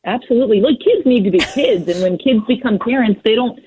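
A woman's voice: on the high side, fast, mellow. A woman giving frank, plainspoken parenting advice as a guest on a talk show. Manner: frank, plainspoken, mild swearing. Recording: muffled phone-like line.

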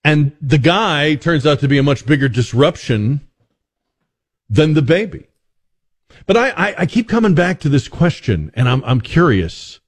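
Animated, wry male talk radio host. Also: fairly high pitch, unhurried. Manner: wry, joking, animated with many restarts.

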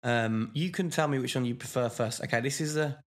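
A man's voice: mid-range voice, a little fast. A man co-hosting a podcast, chatting casually with lots of fillers and restarts. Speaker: podcast co-host. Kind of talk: casual chat.

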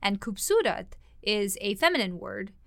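A woman teaching a language lesson, explaining words and phrases in a clear, explanatory way. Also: medium pitch, very animated, normal speed, no echo, clean studio sound.

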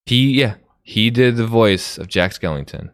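A man's voice: on the low side, unhurried, no room sound, clean studio sound. A man co-hosting a movie podcast in casual, laid-back chat, swearing and laughing freely. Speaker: podcast co-host.

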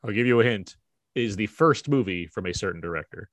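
A man's voice: on the low side, lively intonation, quick pace, no room sound. A man hosting a casual podcast chat, playful and laughing often as he runs a quiz. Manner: playful, laughs often, reads quotes in put-on voices. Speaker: podcast host running a quote quiz.

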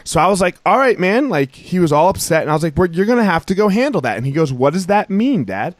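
A man hosting a casual podcast and telling an animated story about his kids. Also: sits high, fast, no echo. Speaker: podcast host.

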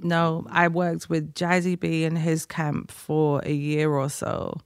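Gravelly man telling stories. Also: on the high side, slow, no echo, clean studio sound. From United Kingdom. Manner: storytelling, animated, laughs often. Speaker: guest musician. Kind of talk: casual podcast conversation.

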